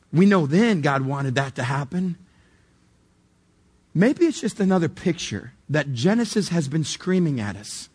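A man's voice: on the high side, a little mellow, husky. A male pastor delivering a sermon in a conversational, emphatic way, asking the congregation direct questions.

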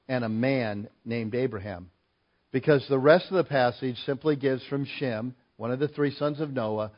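A male pastor delivers a sermon in a medium-pitched voice, hammering his key points with rising force. The recording is somewhat dull and lo-fi.

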